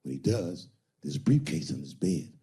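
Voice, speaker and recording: A man playing a scheming pimp who gives steady, commanding orders. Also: low-pitched, moderate pace, voice pushed down. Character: scheming, cold male pimp boss.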